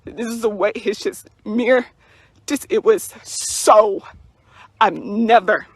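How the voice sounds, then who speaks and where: A woman's voice: medium pitch, takes it slowly, no room sound. A young woman telling her own story to the camera, indignant and emphatic, repeating words for stress. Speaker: mother recounting a police encounter. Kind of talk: personal account to camera.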